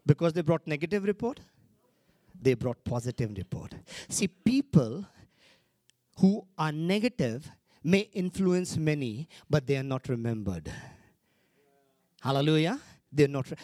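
Animated male preacher with lively pitch. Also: a little slow, no room sound, clean studio sound. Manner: animated, repeats phrases, exclaims hallelujah. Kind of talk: sermon.

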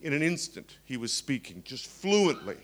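A man in his sixties preaching a sermon, telling stories with humorous asides and animated emphasis. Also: medium pitch, moderate pace.

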